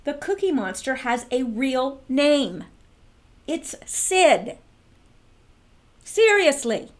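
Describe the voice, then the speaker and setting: Middle-aged female trivia host, chatty and wry, slightly high voice with lively leaps. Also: very slow. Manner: chatty, wry, asides to viewers, pitch jumps up for emphasis. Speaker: video host. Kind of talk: casual chat about trivia facts.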